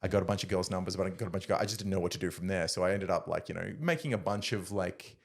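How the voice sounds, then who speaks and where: Deep gravelly Australian man. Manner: halting, filler-heavy, self-deprecating storytelling. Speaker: podcast guest. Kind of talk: casual conversation.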